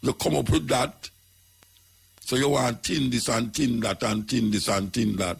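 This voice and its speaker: A man's voice: mid-range voice, fairly even intonation, unhurried, gravelly, breathy edge. A man with a Jamaican accent, talking as a radio host in an emphatic, preaching way, repeating his points. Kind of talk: talk radio commentary.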